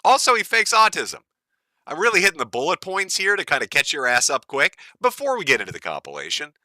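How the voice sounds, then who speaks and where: A man's voice: a little high, huge pitch swings, brisk, bright, forceful tone, dry recording. A man hosting a livestream, ranting in a crude, mocking, profane way. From United States. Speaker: livestream host.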